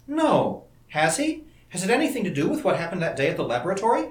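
A man's voice: high voice, wildly swooping pitch, fast talker, voice pushed up. A man reading an audiobook, voicing an anxious, hurt young woman in a raised voice. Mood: puzzled. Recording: roomy echo.

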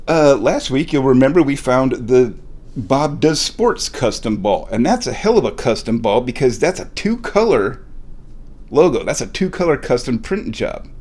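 A man of medium pitch tells a casual story from his kitchen. He laughs often and gets worked up, and his voice leaps high when something thrills him. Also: a little mellow. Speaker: vlogger telling a golf ball hunting story. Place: kitchen at home.

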